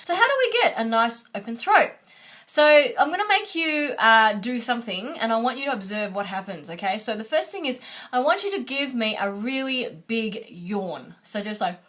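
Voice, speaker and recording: A woman's voice: a little high, a bit bright. A woman vocal coach teaching a singing lesson, patient and instructive, often checking in with "okay?".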